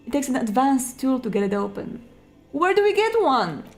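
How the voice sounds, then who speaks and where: A woman voicing a calm, methodical male police lieutenant in a video game playthrough, explaining things in an even, matter-of-fact way. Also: high-pitched, moderate pace.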